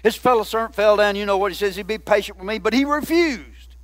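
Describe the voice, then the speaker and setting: Man, pastor, high-pitched voice, dry close sound, folksy conversational sermon. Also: fast, dry recording. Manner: folksy, conversational preaching with many asides.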